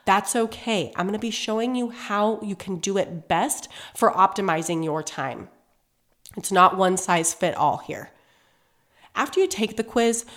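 Nasal, congested woman podcast host. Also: mid-range voice. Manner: direct, encouraging, coaching tone to listeners. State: congested from a cold. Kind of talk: motivational podcast monologue.

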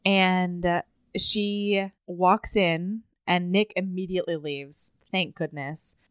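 A woman's voice: on the low side, steady tone, slow, smooth, dry recording, studio quality. A woman in casual conversation, animatedly retelling a story and acting out bits of dialogue. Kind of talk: casual book chat.

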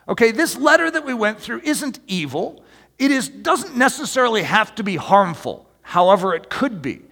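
A man preaching a sermon in an emphatic, animated way with playful asides, recorded in a church hall with a long echo. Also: high voice, vocal fry. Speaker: pastor.

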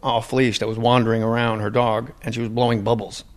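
A man's voice: mid-range voice, level tone, brisk. A man who is a podcast guest, chatting casually and rambling through stories with many asides. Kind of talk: casual chat.

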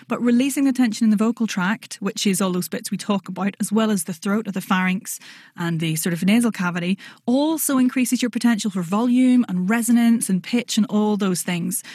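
A woman's voice: medium pitch, a little mellow, no echo, clean studio sound. A woman voice coach explaining vocal technique in an interview, articulate and playful, sometimes demonstrating sounds.

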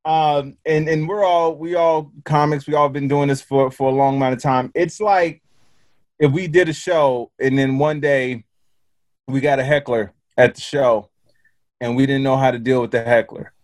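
A man's voice: medium pitch, steady tone, normal speed, a little mellow, dry recording. A man who is a comedian, making a point in casual talk and building it through a hypothetical. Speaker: comedian, co-host. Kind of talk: casual podcast chat.

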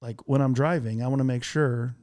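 A man hosting a casual studio chat, talking in a lively, jokey way and acting out bits of his stories. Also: mid-range voice, fairly quick. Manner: animated, jokey, acts out voices in stories. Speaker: podcast host. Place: office studio. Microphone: studio mic with headphones.

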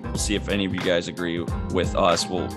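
A man's voice: sits low, little pitch movement, fairly quick, music in the background. A young man co-hosting a podcast, chatting casually and giving blunt, rambling opinions. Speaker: podcast co-host. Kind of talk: casual chat.

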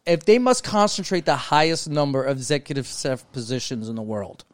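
A man's voice: medium pitch, a little fast, no room sound. A man co-hosting a podcast, chatting casually in a rambling way, swearing freely and trailing off mid-thought. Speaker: podcast co-host.

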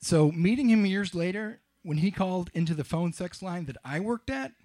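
A middle-aged man telling a wry, self-mocking personal story on stage, with halting restarts. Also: sits high, animated, warm tone. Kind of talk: live storytelling.

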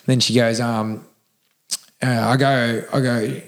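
A man's voice: medium pitch, little pitch movement, normal speed, gravelly. An Australian man, a podcast guest, telling his story in a casual rambling way, with many restarts and swearing, emotional and close to tears.

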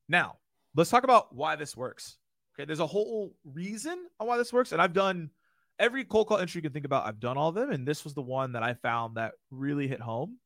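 A man giving a live online sales lesson, energetic and casual, acting out friendly phone openers and checking in with "right?" often. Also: a little high, a little fast, no room sound, clean studio sound. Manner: energetic, demonstrates phone lines with a friendly laugh; casual, frequent rhetorical "right?". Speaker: sales trainer.

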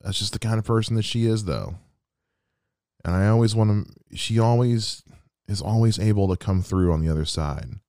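In a dry recording, a man in his thirties speaks at normal speed with a fairly low, mellow voice. He's a podcast host on his own, earnestly reflecting on someone close to him and weaving in quoted asides.

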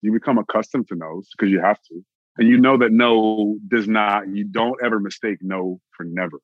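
A man from Austin, Texas, an actor telling his own story in an interview, animated and repeating phrases for emphasis. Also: on the low side, moderate pace, dry recording, phone-quality sound. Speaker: actor, guest.

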